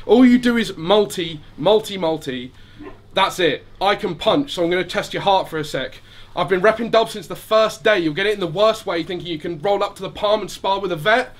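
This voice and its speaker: A man's voice: sits high, a little fast. Man trash-talking in rhymed battle bars. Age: late 20s. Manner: trash-talking in rhymed bars, laughing at his own jokes. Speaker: battle rapper. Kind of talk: live rap battle performance. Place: live venue before an audience.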